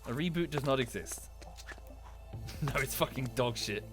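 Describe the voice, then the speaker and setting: A man's voice: medium pitch, lively intonation, moderate pace, over music. A man with a British accent chatting casually on a livestream while playing a game, rambling with enthusiasm and swearing freely. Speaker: streamer.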